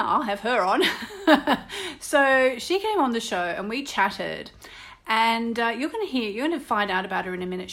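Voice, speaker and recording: A woman with an Australian English accent hosts a radio show in a relaxed, casual way. She talks in an animated, chatty manner and tells stories. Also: mid-range voice. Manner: chatty, storytelling, laughs often, animated. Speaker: astrologer and radio show host.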